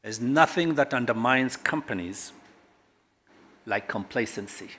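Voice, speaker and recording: Brief: middle-aged man, government speaker, emphatic keynote delivery with dramatic pauses. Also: animated, slightly rough. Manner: emphatic orator, big swings in pitch and loudness, dramatic pauses. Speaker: government official giving a keynote. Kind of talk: public speech at a corporate launch.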